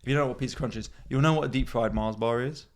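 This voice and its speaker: Man in his thirties, podcast host, gravelly voice, rambling, self-mocking, casual swearing. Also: mid-range voice, rapid-fire. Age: 30s. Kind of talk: casual comedic monologue.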